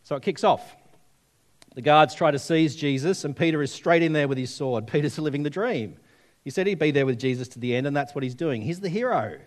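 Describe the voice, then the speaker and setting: A man's voice: a little high, animated, fairly quick. Guy giving a sermon, chatty, keeps asking the congregation questions. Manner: storytelling, conversational, asks the audience questions. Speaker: preacher.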